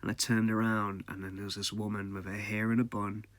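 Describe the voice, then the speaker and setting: Guy telling a spooky story, lowish voice, chatty, dry close mic. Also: level tone, a little fast, fairly bright tone, dry recording. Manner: casual, chatty, laughs often. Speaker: podcast host. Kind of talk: storytelling a personal ghost story.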